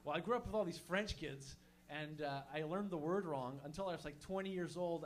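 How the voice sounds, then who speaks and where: A man's voice: a little high, fast talker. A man from Montreal doing a stand-up set, loose and profane, chatting with the crowd between jokes. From Montreal, Canada. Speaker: stand-up comedian. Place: comedy show in a small venue.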